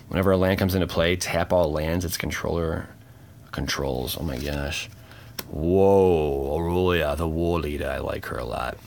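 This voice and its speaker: A man hosting a casual card-opening video, talking in a relaxed, slangy way and reading card names aloud with quick bursts of excitement and muttered asides. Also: very deep voice, vocal fry, a little hiss or hum. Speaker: channel host opening trading cards. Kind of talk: casual unboxing chat.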